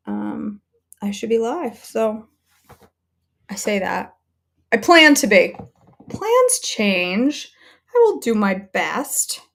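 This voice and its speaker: A woman hosting a live devotional stream, praying aloud for friends with halting pauses, then chatting to viewers. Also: medium pitch, gravelly. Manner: halting prayer with many ums and restarts, warm repeated thanks. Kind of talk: spoken prayer, then casual sign-off. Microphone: phone or webcam on a live stream.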